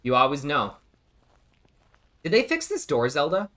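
Male streamer, bright voice, bouncy pitch, jokey chat with viewers, mid-game banter. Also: wildly swooping pitch, a little slow. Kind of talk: casual live-stream chat while playing.

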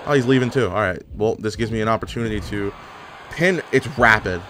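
A young man giving sarcastic, animated trash-talk commentary over his own online wrestling game. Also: lowish voice, fairly quick, noisy background. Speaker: gaming YouTuber. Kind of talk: live gameplay commentary.

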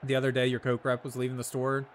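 A man's voice: mid-range voice, completely flat delivery, quick pace, a little hiss or hum. A man streaming a video game, chatting casually with viewers, laid-back and profane, laughing often. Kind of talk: casual chat while gaming.

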